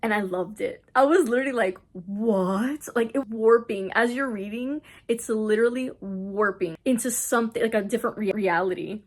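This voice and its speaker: A young adult woman chatting casually in a book vlog, retelling a story in an excitable way full of "like". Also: a little high, fairly quick, few pauses. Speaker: book vlogger. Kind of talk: casual reading vlog chat. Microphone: camera on a stand, not handheld.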